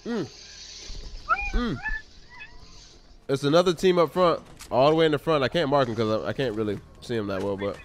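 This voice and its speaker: A man's voice: mid-range voice, moderate pace, pauses often, a little hiss or hum. A man chatting casually on a live game stream, reacting to the action and chewing food as he talks. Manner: chewing food while talking. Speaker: gaming streamer. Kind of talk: casual live-stream chat while gaming.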